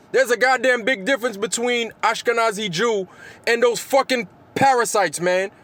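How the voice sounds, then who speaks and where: High-voiced man in an angry cursing rant. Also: a bit bright. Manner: heated, cursing constantly, repeating phrases for emphasis. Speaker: vlogger. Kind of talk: angry profane rant to camera.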